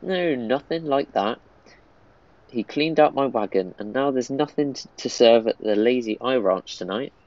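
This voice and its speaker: A man reading the lines of a gruff old male cowboy cook from a mobile game, in his own plain voice without an accent. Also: mid-range voice, expressive, normal speed, a little mellow, highs cut off, close to an everyday voice. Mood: amused reading.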